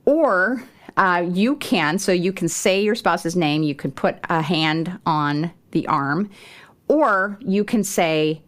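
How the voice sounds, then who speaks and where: Low-voiced woman giving parenting advice. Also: slow. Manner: warm, conversational, with occasional laughs and fillers. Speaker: podcast host. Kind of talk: homeschool parenting advice podcast.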